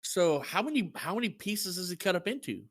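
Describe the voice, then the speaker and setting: A man's voice: high-pitched, sing-song, a little fast, fairly bright tone. A man co-hosting a gaming podcast, telling stories animatedly and laughing often. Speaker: podcast co-host. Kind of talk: casual chat.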